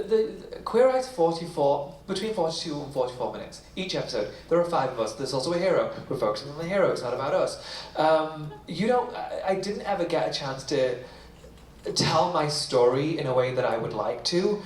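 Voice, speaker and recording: Onstage at a library event hall, a thirtysomething British author guest entertains the audience with chatty, self-deprecating stories, laughing frequently. His voice sits a little high, with slight background noise. The hall sounds roomy and the mic is distant.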